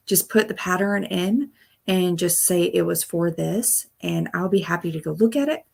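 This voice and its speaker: A woman's voice: on the low side, gravelly. A young woman hosting a casual live stream, chatty and bubbly with frequent exclamations. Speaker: crochet channel host.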